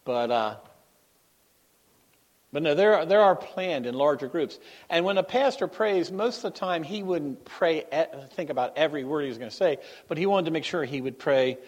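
A middle-aged man giving a sermon in a conversational, anecdotal way, laughing at his own stories and swinging between emphatic bursts and quiet asides. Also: on the high side, expressive, normal speed, highs cut off. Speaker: guest preacher.

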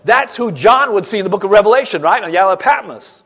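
A middle-aged male pastor preaching a sermon, reading scripture dramatically with swings between loud and hushed delivery. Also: high voice, lively intonation, quick pace, vocal fry.

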